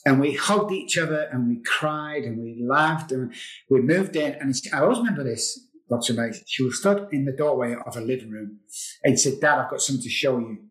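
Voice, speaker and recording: A man's voice: mid-range voice, animated, moderate pace, a bit bright. A man, a guest telling his own recovery story in an earnest, confessional way and repeating phrases for emphasis. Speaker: guest, addiction recovery expert. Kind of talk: emotional personal storytelling. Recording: roomy echo.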